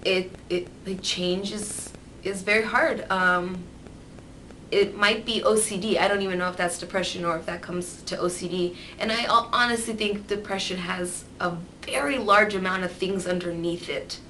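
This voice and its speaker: A woman's voice: mid-range voice, normal speed, a little hiss or hum, rough recording. Frank, rambling woman vlogger. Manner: rambling, frank, swears freely; animated, mimics voices in quotes. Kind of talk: candid personal vlog.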